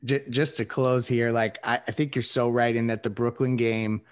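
Man on a hoops podcast, medium voice, rambles and thinks out loud. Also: mid-range voice, steady tone, moderate pace, smooth. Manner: rambling, thinks aloud with many hedging fillers. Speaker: sports podcast co-host. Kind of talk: casual basketball analysis.

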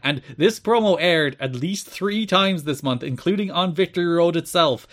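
A man's voice: fairly high pitch, moderate pace, a bit bright. A man co-hosting a podcast, recapping old wrestling shows in casual chat with dry asides. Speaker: podcast co-host.

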